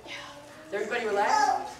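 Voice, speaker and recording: A woman's voice: a little high, sing-song, fast. A woman puppeteer guiding children through a puppet activity, talking playfully and often laughing. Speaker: puppeteer leading a children's workshop. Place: indoor puppet exhibit room. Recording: echoey room, far from mic, background noise.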